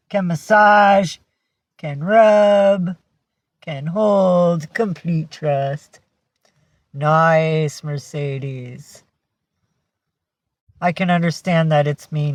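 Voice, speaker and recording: A woman's voice: fairly low pitch, fairly even intonation, takes it slowly, pauses often, no echo. A middle-aged woman hosting a casual livestream, who chats, reads out viewer names and coos at her pets. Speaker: livestream host.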